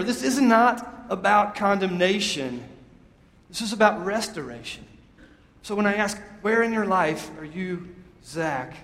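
In a church sanctuary, a pastor with a high, fairly bright voice delivers a sermon. He's emphatic and conversational, guiding the congregation through call-and-response, and the hall's echo adds long reverb.

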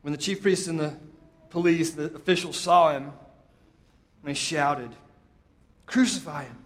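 A man preaching a sermon, retelling a scripture story with dramatic pauses and quoted lines. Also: fairly even intonation. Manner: storytelling, voices quotes with rising pitch, drops soft for emphasis.

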